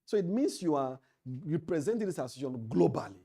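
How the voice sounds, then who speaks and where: This leadership trainer talks fast, his slightly high voice gravelly, husky and dark-toned, yet animated. Using a Nigerian English accent, he lectures association officials in a meeting hall, emphatically repeating key phrases to stress them.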